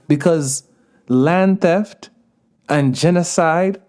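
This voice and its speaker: A man's voice: on the high side, drawn-out words, darkish tone. A man with a light Jamaican accent, speaking as a podcast guest in a casual, earnest, emphatic conversation with frequent laughs. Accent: Jamaican-tinged. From United States.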